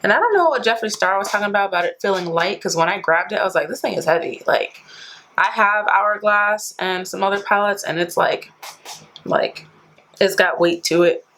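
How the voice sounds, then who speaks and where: A woman's voice: medium pitch, moderate pace, a bit bright, poor audio. A woman beauty vlogger chatting casually through a product review, filling her talk with "like" and playful slang. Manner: chatty, says "like" constantly; playful slang, calls viewers sis and honey.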